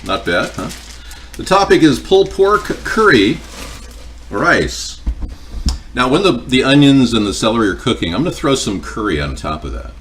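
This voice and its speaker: A man's voice: medium pitch, very animated, normal speed, a bit bright, recorded from a distance, slight background noise. A man hosting a cooking livestream at home, chatting casually and joking with viewers in a rambling way. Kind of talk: casual chat answering viewer comments. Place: home kitchen.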